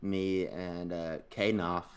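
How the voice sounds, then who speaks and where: A man's voice: low voice, little pitch movement, takes it slowly. A man in his thirties, a podcast co-host, rambling through anecdotes full of fillers in casual chat.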